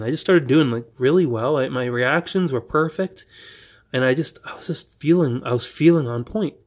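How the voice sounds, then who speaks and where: Animated male podcast host telling a story. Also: mid-range voice. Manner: animated, reenacts dialogue with quick restarts. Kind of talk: storytelling monologue.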